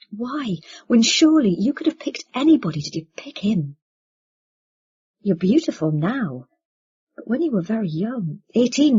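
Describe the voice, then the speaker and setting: A woman's voice: a little high, dark tone, husky, no echo, exaggerated voice. Woman voicing an urgent eighteen-year-old son. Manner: urgent, pleading, insistent. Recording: dull lo-fi recording.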